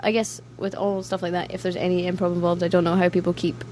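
A woman's voice: on the low side, little pitch movement, quick pace, darkish tone, a little hiss or hum. A woman with a Scottish accent, a musician guest in a casual interview, chatty and self-deprecating, laughing often as she talks. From Scotland.

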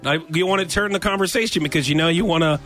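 A man's voice: sits high, quick pace, fairly bright tone, soft background music. A man co-hosting a casual chat, rambling and self-deprecating as he tells a story. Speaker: co-host.

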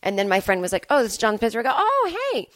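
A woman's voice: medium pitch, rapid-fire, no room sound. A woman comedian hosting her podcast, telling a rambling, self-deprecating story and acting out her own lines. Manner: rambling, self-deprecating, animated quoting of herself. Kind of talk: casual storytelling monologue.

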